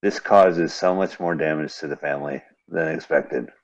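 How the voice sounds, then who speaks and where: A man's voice: rumbling low, normal speed, creaky, muffled recording. A man co-hosting a casual comedy show, joking and slipping into silly voices. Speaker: podcast co-host. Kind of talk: casual comedic chat over a video.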